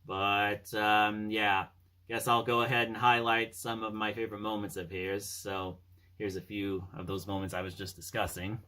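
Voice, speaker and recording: Rambling through a casual movie discussion, a fan commentator retells scenes with lots of fillers and "he's all like" lines. His lowish voice is level, pushed and bright, at a moderate pace.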